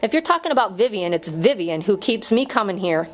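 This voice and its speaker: A woman's voice: medium pitch, very animated, brisk, close to an everyday voice, poor audio. A woman voicing an earnest young male schoolteacher in an audiobook reading, pleading with strained patience.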